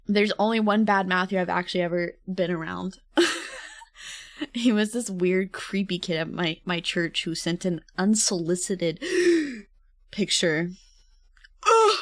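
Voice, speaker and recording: A woman's voice: medium pitch, fairly bright tone, no echo, studio quality. A woman streamer chatting casually with viewers, rambling and laughing often. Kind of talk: casual livestream chat.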